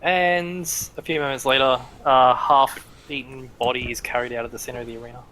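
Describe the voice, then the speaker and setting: A man's voice: mid-range voice, fairly even intonation, brisk, pushed and bright, slight background noise, poor audio. Rambling man narrating as game master. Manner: loose and rambling, full of "like" and "sort of".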